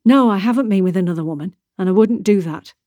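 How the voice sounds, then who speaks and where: Woman reading a quiet man, gentle and evasive, close and dry. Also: mid-range voice, quick pace, no room sound, natural voice. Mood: calm. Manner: soft, gentle, mildly reproachful. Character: calm evasive man, returned husband. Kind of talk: audiobook character reading.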